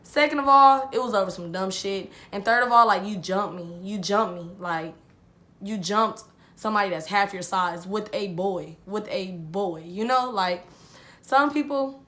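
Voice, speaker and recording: A woman's voice: medium pitch, normal speed, pushed and bright. Young woman vlogger, casual storyteller, chatty and repetitive, talks straight to her viewers. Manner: chatty, repeats herself, addresses viewers as y'all.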